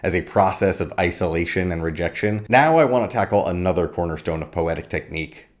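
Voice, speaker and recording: A man giving a scripted video lecture on poetry, measured and explanatory, reading verse lines slowly. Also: low voice. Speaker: literature lecturer.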